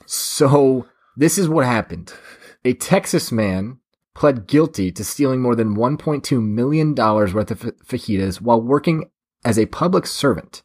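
A man's voice: mid-range voice, lively intonation, moderate pace, darkish tone. A man hosting a podcast, chatting casually and reading a news story aloud with his own asides. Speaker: podcast host.

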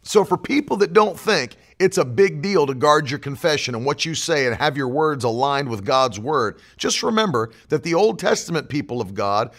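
A man's voice: on the high side, lively intonation, moderate pace, hardly any pauses, a bit bright. A man preaching a sermon as pastor, emphatic and driving his points home with repeated declarations.

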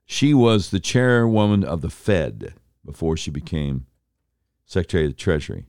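A man's voice: low-pitched, lively intonation, normal speed, a little mellow, clear, resonant tone, dry recording, studio quality. A man hosting an opinionated talk monologue, sarcastic and mocking as he comments on clips. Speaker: political commentary host.

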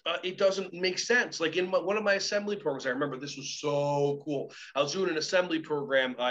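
Brief: energetic male keynote speaker, bright voice on a muffled recording, acting out scenes as he talks. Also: a little high. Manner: lively, acts out voices in his anecdotes. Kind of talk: animated storytelling chat.

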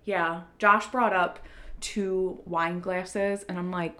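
A soft-spoken woman co-hosting a podcast in casual chat, bubbly and chatty, recorded at a home desk on one shared mic. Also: fairly low pitch, fairly even intonation, slow pace. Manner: bubbly and chatty, laughs easily. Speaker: podcast co-host. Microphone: single shared desk mic.

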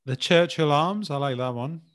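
A man from Birmingham in casual chat as a guest, relaxed and quick to laugh. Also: fairly high pitch.

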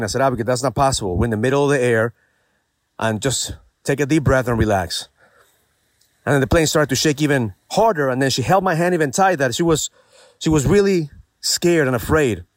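A man's voice: mid-range voice, animated, a little fast, dry recording. A middle-aged man hosting a daily inspirational talk, telling a personal story in an earnest, reflective way with many rhetorical questions.

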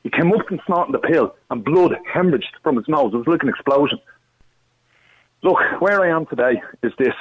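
A man with an Irish accent calling into a radio show, telling his own story in an earnest, rushed way. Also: a little high, expressive, slightly rough. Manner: earnest, rushed, tumbling words. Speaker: phone-in caller. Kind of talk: emotional personal testimony. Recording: phone line.

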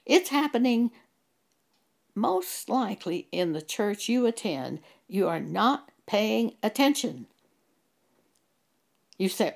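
A woman delivers a preaching monologue, her voice gravelly and rough at the edges. Her pitch swings widely as she presses rhetorical questions and cites scripture with emphasis. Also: sing-song, takes it slowly, long pauses, darkish tone. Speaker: Bible teacher.

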